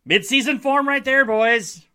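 A man's voice: very high-pitched, measured pace, bright, forceful tone, clear, resonant tone. A man hosting a casual solo sports podcast, talking in a wry, joking way and laughing often. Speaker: podcast host.

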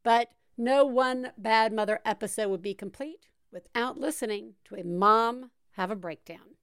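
A woman co-hosting a podcast in casual chat, wry and joking, then gently reassuring. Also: a little high, moderate pace, clear, resonant tone, dry recording, clean studio sound. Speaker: podcast co-host.

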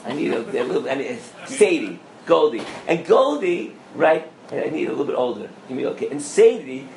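A man, a rabbi, giving a lively Torah class to a live audience, often asking if they follow him and mixing in Hebrew and Yiddish terms. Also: medium pitch, moderate pace, creaky, reverberant, slight background noise. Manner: animated, asks the audience questions, mixes in Hebrew and Yiddish terms. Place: lecture room with an audience.

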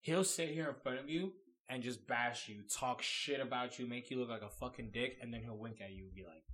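A man co-hosting a casual podcast, animated at times and trailing off quietly. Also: medium pitch, fairly quick. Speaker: podcast co-host. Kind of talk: casual chat.

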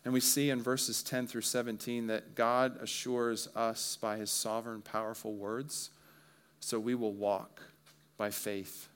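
A man's voice: medium pitch, fairly bright tone, clear, resonant tone. A man preaching a sermon, walking through a Bible passage verse by verse with earnest explanation and everyday examples. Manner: earnest expository preaching with relatable asides. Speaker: pastor.

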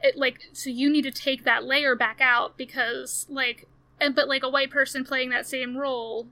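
A woman's voice: high-pitched, level tone, normal speed, bright, forceful tone. A woman in casual conversation, chatty and full of fillers. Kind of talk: casual chat.

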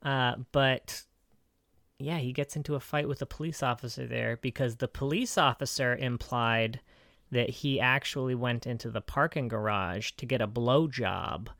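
A man's voice: normal speed, gravelly, a bit bright, no room sound, studio quality. Joking, profane man podcast co-host. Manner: joking, profane, pitch jumps up when incredulous. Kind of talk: casual film review chat.

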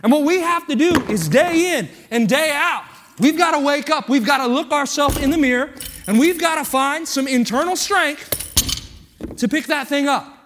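Male pastor, very high pitch, breathless, earnest sermon cadence that builds. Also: lively intonation, moderate pace, background noise. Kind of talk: sermon with a live weightlifting illustration.

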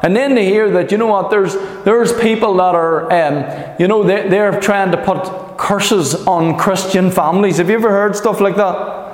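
A man's voice: high-pitched, moderate pace. Brief: male pastor, chatty rambling sermon, long hall reverb. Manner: rambling, heavy on fillers, acts out quotes. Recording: echoey hall.

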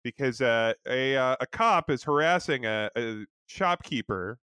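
Smooth-voiced man rambling through a recap. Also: mid-range voice, expressive, unhurried, pushed and bright, no room sound. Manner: rambling, many fillers and restarts, swears casually. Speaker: podcast co-host. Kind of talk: casual podcast chat, scene-by-scene recap.

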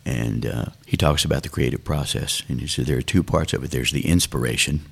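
With an extremely low, creaky, slightly rough voice, an older male songwriter talks briskly as an interview guest. The conversation is reflective, and he comes across as thoughtful and unhurried.

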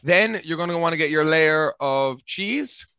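An Irish man in young adulthood, a comedian guest telling a story on a casual podcast with deadpan mock seriousness. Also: on the high side, measured pace, vocal fry, smooth, no room sound.

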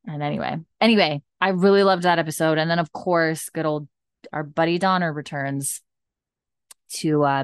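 Woman podcast host, low and smooth, effusive casual recap style. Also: no echo, clean studio sound. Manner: gushing, chatty, full of fillers.

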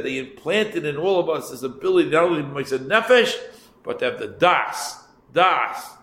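Creaky-voiced man teaching Torah. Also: mid-range voice, fairly bright tone. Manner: unhurried, repeats phrases, asides to listeners. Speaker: rabbi teaching a class. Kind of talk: storytelling Torah lesson. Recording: echoey room, faint background noise.

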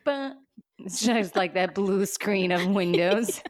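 A woman co-hosting a casual TV recap podcast, talking excitedly with emphatic repeats and laughter. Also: mid-range voice, takes it slowly, no room sound, clean studio sound. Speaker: podcast co-host.

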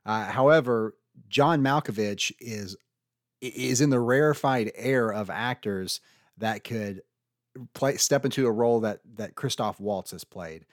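Brief: earnest male podcast debater, mid pitch, dry close sound. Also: measured pace, no echo. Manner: earnest, builds arguments with restarts. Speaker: podcast co-host arguing casting picks. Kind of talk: casual debate chat.

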